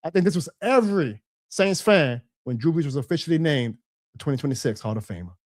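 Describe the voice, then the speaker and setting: A young man hosting a casual live fan show, excitable and reading chat comments aloud. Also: on the high side, a little fast, dry recording, clean studio sound.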